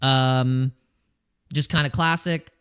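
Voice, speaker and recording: The man running this relaxed crypto livestream speaks in a clean, steady, fairly bright mid-range voice and takes it slowly. Buzzing on coffee, he rambles and jokes, reads off chat names and frequently restarts his sentences.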